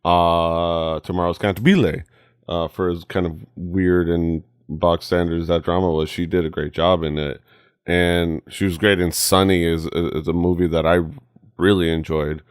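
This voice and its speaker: A man co-hosting a casual podcast chat, halting with many restarts. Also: flat delivery, smooth, no echo, studio quality. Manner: halting, many restarts, jumps into high mimicry. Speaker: podcast co-host.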